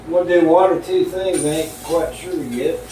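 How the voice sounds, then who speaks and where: A middle-aged man, a vlogger, telling folksy stories in a laid-back, unhurried way while he cooks at home, away from the camera. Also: fairly even intonation. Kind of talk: casual storytelling while cooking. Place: home kitchen. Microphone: camera left far from the speaker. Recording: roomy and distant, faint rumble.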